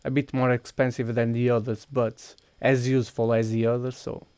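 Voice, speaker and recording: A man's voice: medium pitch, little pitch movement, normal speed, a little mellow, clean tone, dry recording. A man with a Portuguese accent streaming a game, walking viewers through each step while he clicks and thinks aloud. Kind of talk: casual live-stream chat.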